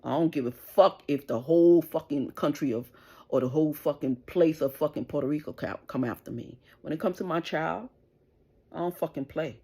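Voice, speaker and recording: A woman's voice: low voice, moderate pace, mellow, slightly rough. A middle-aged woman venting an angry, profane rant straight to camera, jabbing with "you understand?" over and over. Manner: profane, confrontational, keeps asking "you understand?". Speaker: vlogger.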